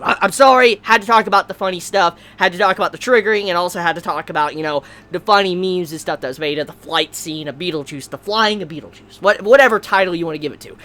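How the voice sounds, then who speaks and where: A woman giving a casual, animated anime episode review, swearing freely and breaking into loud outbursts. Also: mid-range voice.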